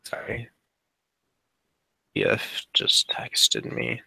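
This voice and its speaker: A man's voice: medium pitch, flat delivery, very slow, creaky, sharp tone, slightly rough, no echo, in a whisper. A man playing a tabletop game, describing his character in a casual, joking way. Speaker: player.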